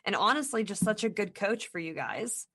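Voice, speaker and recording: A woman hosts a sports podcast, her voice pitched in an ordinary middle range. She chats casually and asks loose, rambling questions. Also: sing-song, moderate pace, fairly bright tone, husky. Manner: chatty, laughs easily, rambling questions. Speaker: podcast host and sports reporter.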